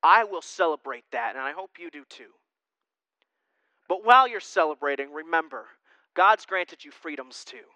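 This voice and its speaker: This is an animated male pastor preaching in a loose, conversational style and tossing in "right?" asides. His voice sits high for a man and rings bright and smooth. The sound is dry and close. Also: normal speed, no echo, rough recording. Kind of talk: sermon. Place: church sanctuary.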